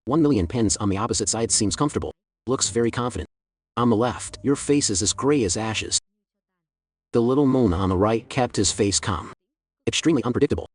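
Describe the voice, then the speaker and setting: A man narrating a comic story recap in a steady storytelling read. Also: mid-range voice, no echo.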